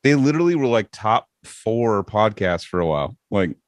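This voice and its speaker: Rambling low-voiced man, heavy swearing. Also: big pitch swings, normal speed, no echo, studio quality. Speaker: podcast guest. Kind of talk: casual storytelling chat.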